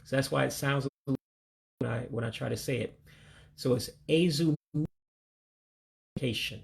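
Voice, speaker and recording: A man from the United States leading a casual vocabulary lesson, slowly and carefully repeating foreign words and explaining them plainly. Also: medium pitch, creaky. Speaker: language learner teaching vocabulary.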